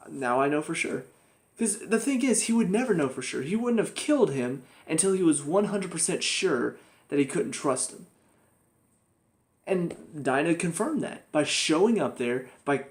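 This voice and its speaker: A young man riffs through a TV episode review in a casual, ranting way. He sounds fed up and mocks the characters as he goes, and his voice sits slightly higher than most men's. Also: darkish tone. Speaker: TV show reviewer.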